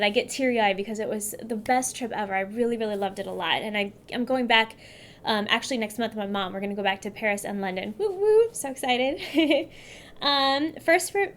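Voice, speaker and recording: A woman's voice: fairly high pitch, fairly bright tone, a little hiss or hum. A woman from California chatting to camera in a casual, upbeat vlog, talking straight to her viewers. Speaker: beauty vlogger.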